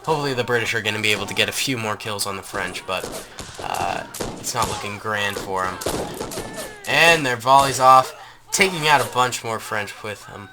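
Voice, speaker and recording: A man's voice: lowish voice, normal speed, noisy background. A man hosting a gaming channel, giving enthusiastic, rambling gameplay commentary with frequent ums.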